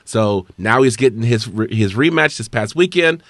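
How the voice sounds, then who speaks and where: A man hosting a casual combat sports podcast, talking briskly with frequent fillers and restarts. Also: medium pitch, lively intonation, fairly bright tone, no room sound, clean studio sound. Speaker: podcast host.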